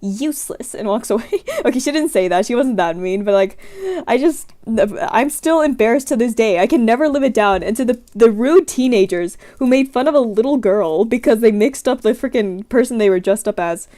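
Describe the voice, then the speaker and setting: A woman's voice: fairly high pitch, lively intonation, fairly quick, dark tone. A young adult woman streamer in her room, chatting casually through scenario questions in a rambling, giggly, self-deprecating way.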